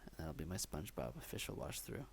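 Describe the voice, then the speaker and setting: A man's voice: very deep voice, sing-song, fast, creaky, breathy edge. A man co-hosting a film podcast, talking in a loose, rambling way with many fillers. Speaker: podcast co-host. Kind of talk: casual chat.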